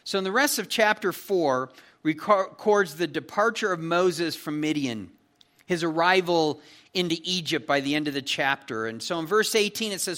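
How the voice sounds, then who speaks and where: This pastor's voice sits a little high, with lively intonation, a moderate pace and a sharp tone. He preaches an expository sermon in a conversational, emphatic style and keeps checking in with his listeners.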